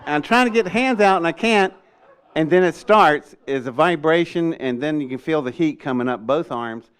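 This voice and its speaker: An older man, telling a story in an animated way and acting out the voices in his quotes. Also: a little high, normal speed, smooth. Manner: acts out voices in quotes, excitable, laughs often. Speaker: storyteller recounting an experience.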